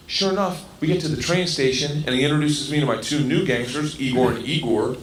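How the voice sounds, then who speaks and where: A man's voice: on the high side, fairly quick, hardly any pauses, a little hiss or hum. A man telling a rowdy, boisterous story on stage as a stand-up comedian, swearing freely. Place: stage in front of an audience.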